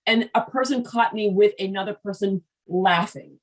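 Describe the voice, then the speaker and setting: A woman hosting an interview show, chatty and frank, quick to laugh. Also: medium pitch, rough recording. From Haitian background. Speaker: podcast host. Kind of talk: casual interview chat.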